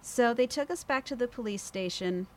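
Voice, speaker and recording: Animated woman telling a story. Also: fairly high pitch, normal speed, a little hiss or hum. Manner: animated storyteller, acts out other voices, laughs often. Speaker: podcast guest. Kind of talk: casual storytelling interview.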